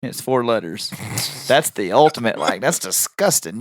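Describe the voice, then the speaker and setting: A man's voice: medium pitch, big pitch swings, moderate pace, dry recording, studio quality. A man with a country accent co-hosting a casual podcast chat, joking and laughing at himself. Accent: rural country accent. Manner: joking, self-mocking, laughs often. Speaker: podcast co-host.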